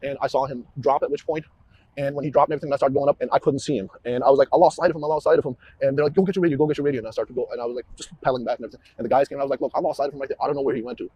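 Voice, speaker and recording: A man, a police officer, walking investigators through events in a halting way, often repeating words and restarting. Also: medium pitch, fairly even intonation, mellow, dull audio, slight background noise. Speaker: police officer questioned about a shooting. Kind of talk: recorded interview walkthrough.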